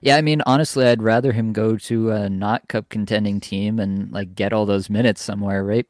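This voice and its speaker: A man hosting a casual podcast, talking in a relaxed, chatty way with lots of fillers. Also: lowish voice, no echo, clean studio sound. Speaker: podcast host. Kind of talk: casual fantasy hockey podcast chat.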